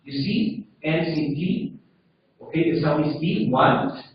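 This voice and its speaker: A high-voiced man with as his leads a classroom lesson, taking it slowly and checking with the class. He is heard from across a very echoey room on a dull, lo-fi recording. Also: distant mic, slight background noise. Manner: drills pronunciation, checks with frequent "okay?". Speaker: English teacher.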